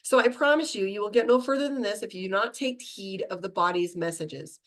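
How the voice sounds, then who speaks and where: A middle-aged woman teaching a meditation class, talking fast and chatty and laughing at herself. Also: mid-range voice, a bit bright.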